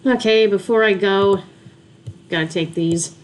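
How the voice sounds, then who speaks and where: A woman's voice: mid-range voice, unhurried, a little hiss or hum. A woman casually chatting over a video game walkthrough, with jokey asides. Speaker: gameplay commentator.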